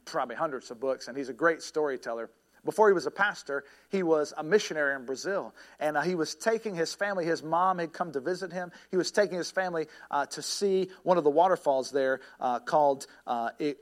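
A man preaching a sermon about prayer in an earnest way, with pauses and restarts, now and then rising to a shout as he tells a story. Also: a little high. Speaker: pastor.

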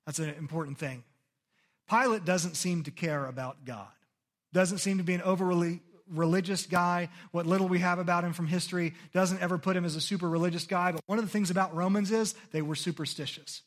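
Preaching in a fairly high, fairly bright voice, this man speaks as a pastor, earnest yet conversational. He often asks "okay?" of his listeners, and his delivery swings dramatically whenever he reads from scripture.

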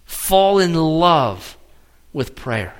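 Pastor, male, middle-aged; fairly high voice, lively emphatic sermon delivery. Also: very slow, clear, resonant tone. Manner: animated preaching with sweeping pitch and loudness swings.

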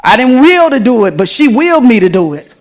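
A woman's voice: on the high side, very animated, a little fast. A woman, preaching a sermon in a church in a conversational way, calling out to the congregation.

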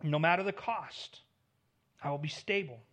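Preaching at normal speed, a male pastor keeps an earnest tone, his voice building on key points and falling low as phrases end.

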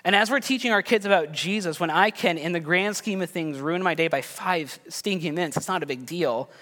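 Man, 30s, pastor, casual sermon, bright ringing voice, slightly high, long hall reverb. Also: a little fast. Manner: conversational, self-deprecating, tells family stories.

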